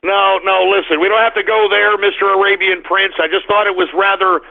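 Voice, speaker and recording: A man's voice: sits high, little pitch movement, fairly quick, creaky. A male radio call-in show host, ranting and cursing heavily. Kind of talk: profane call-in show banter. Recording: narrow phone-like sound, faint music.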